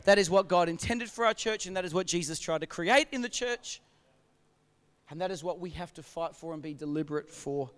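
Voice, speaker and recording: A man from Australia with an Australian accent, preaching a sermon as pastor and putting emphatic rhetorical questions to his congregation in a church hall. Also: sits high. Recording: long reverb of a large hall.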